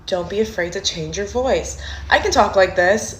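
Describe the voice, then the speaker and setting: A woman's voice: medium pitch, moderate pace, echoey room, slight background noise. A woman giving casual dating advice in a sassy, instructive way, often ending her points with "okay?". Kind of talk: casual advice talk to camera.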